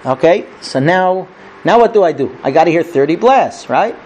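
A rabbi with a fairly high, slightly mellow voice gives a chatty, conversational lesson at a moderate pace, sounding animated. He keeps checking in with "okay?" and "right?" and acts out the characters in his stories.

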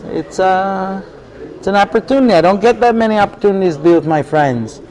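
A man voicing a soft-spoken, teary teenage girl in a story. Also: high voice, expressive, brisk, poor audio. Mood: coaxing. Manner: soft, sniffling, coaxing.

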